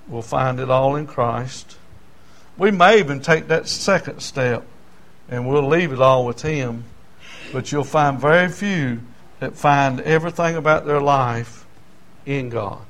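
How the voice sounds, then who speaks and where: A man's voice: medium pitch, takes it slowly, pauses often, fairly bright tone. A male preacher, telling stories in a sermon in a folksy, stammering way. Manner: folksy, stammering restarts, chuckles. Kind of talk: storytelling sermon.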